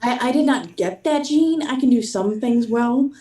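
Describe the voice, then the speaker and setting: A woman's voice: on the high side, lively intonation, normal speed, warm tone. A woman cohosting a podcast, chatting in an easygoing, talkative way. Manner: chatty, easygoing, laughs often. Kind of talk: casual chat.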